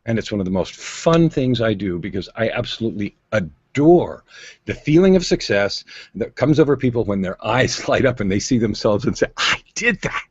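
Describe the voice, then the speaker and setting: A man with a husky voice coaches and tells stories on a video call, leaning on drama and sudden changes of pace. The audio is muffled and lo-fi. It sounds dry and close. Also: on the low side, big pitch swings, moderate pace, darkish tone, dry recording. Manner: dramatic, emphatic, varies pace for effect. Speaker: guest on-camera presence coach. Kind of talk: animated storytelling interview. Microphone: video call mic.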